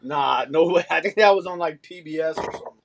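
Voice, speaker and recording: A man co-hosting a casual group chat, talking in an excitable, rambling way. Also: a little high, fast talker, creaky, crowd noise, rough recording. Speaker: co-host.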